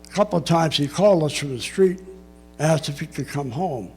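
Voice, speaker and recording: An older man giving a personal storytelling talk, measured and reflective, with dry asides. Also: on the high side, soft background music. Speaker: public speaker.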